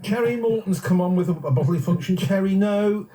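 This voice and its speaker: Fast-talking jokey male radio co-host. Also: high voice, dark tone, rough recording. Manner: jokey and quick, playfully scolding. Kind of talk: casual radio banter.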